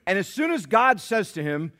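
A man preaching a sermon as pastor, swinging between shouted climaxes and hushed, slow asides. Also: sits high, big pitch swings. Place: church sanctuary.

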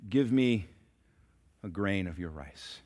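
A man playing a great ruler in a sermon story, calling out in a booming, commanding voice. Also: expressive, slow pace, darkish tone. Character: commanding great male ruler, calm and regal.

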